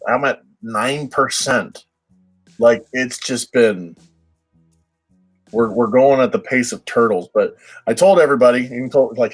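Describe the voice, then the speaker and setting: A man with a husky, mid-range voice chats casually with the viewers of his livestream. He rambles, doubles back on his words and laughs often, with faint music playing underneath. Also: medium pitch, low-quality recording.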